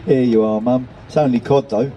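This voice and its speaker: A man's voice: mid-range voice, fairly even intonation, brisk, highs cut off, a little hiss or hum, natural voice. A man reading a story, voicing a playful grown daughter in a near-plain voice. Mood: teasing.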